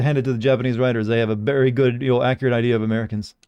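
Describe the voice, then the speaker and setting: A young man talks over his game in a casual, wisecracking way, reading the lines and mocking them. His voice sits at a middle pitch, close to the mic and dry, with no room echo. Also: flat delivery, rapid-fire, a little mellow, clean tone, lo-fi sound. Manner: jokey and sarcastic, reads game dialogue aloud. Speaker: streamer. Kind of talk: casual gameplay commentary.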